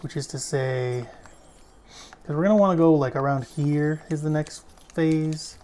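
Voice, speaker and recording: Goofy slow-talking woman gamer. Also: low voice, dark tone, a little hiss or hum. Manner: goofy, breaks into improvised silly songs. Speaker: let's play gamer. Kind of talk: casual gameplay commentary.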